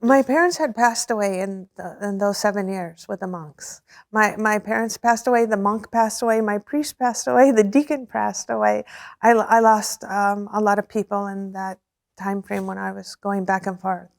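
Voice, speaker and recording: A woman's voice: medium pitch, steady tone, normal speed, gravelly, dry recording, clean studio sound. A middle-aged woman as an interview guest, telling her personal story earnestly, repeating words and laughing often.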